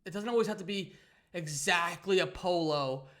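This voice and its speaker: A man's voice: high-pitched, normal speed, fairly bright tone. A young man co-hosting a podcast, talking casually and rambling with many restarts and "like" fillers. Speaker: podcast co-host. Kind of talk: casual chat.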